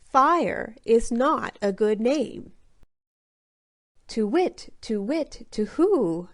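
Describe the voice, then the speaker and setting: A woman's voice: on the high side, lively intonation, very slow. Woman reading a stern old storybook owl.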